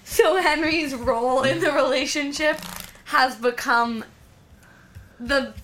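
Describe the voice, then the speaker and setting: A woman with a notably high voice, co-hosting a casual chat podcast. She tells stories with lively energy, swears freely and laughs a lot. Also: slow pace, a little hiss or hum. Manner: animated storyteller, swears freely, laughs often. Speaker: podcast co-host.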